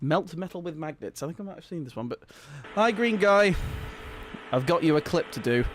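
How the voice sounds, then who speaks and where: A man's voice: a little high, quick pace, darkish tone, a little hiss or hum. A young man, chatting casually with viewers on a live stream, giggly and rambling. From Britain. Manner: giggly, rambling, reacting to chat.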